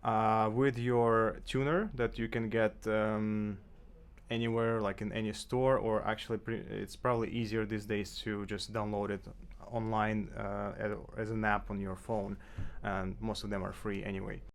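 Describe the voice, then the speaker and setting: On the low side with vocal fry and a smooth quality, he talks at a moderate pace. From indoors in his apartment he teaches clarinet casually, with frequent fillers and self-corrections.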